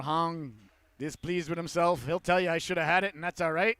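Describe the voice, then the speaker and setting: A man calling a youth hockey game play-by-play, with rapid calls that rise to excited shouts on goals. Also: on the high side, smooth, dry recording. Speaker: play-by-play commentator.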